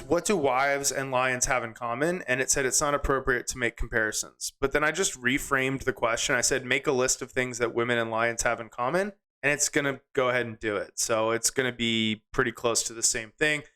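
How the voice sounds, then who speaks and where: A man's voice: mid-range voice, bright, forceful tone, clean tone. A young man who chuckles and comments wryly as he reads chatbot jokes aloud and types prompts. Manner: chuckling, wry, reads text aloud quickly. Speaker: comedy video host. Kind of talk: casual commentary while reading chatbot output.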